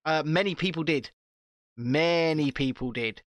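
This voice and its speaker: A man's voice: on the high side, unhurried, a bit bright, dry recording, clean studio sound. A man co-hosting a podcast, ranting and swearing in casual political chat, often repeating himself. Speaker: podcast co-host.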